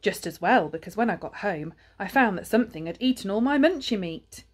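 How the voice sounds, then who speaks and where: Woman doing a nice polite hedgehog neighbor guy, reassuring, husky storybook voice. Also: medium pitch, animated, fairly quick.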